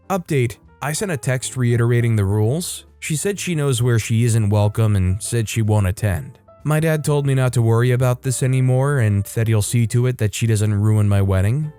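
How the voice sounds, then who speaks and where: A man giving scripted narration of online stories in an even, conversational reading. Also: mid-range voice, clear, resonant tone. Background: faint background music.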